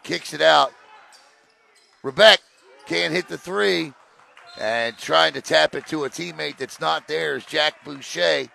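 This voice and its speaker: A man calling a high school basketball game play by play, excitable on big plays and joking between them. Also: creaky. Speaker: play-by-play announcer. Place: gym broadcast position.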